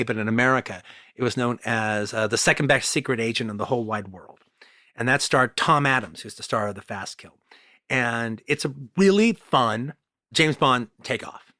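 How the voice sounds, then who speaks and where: A man's voice: medium pitch, pushed and bright, no room sound, clean studio sound. A man co-hosting a podcast, talking about old movies in a rambling, enthusiastic way with lots of restarts. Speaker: podcast co-host. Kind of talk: casual film discussion.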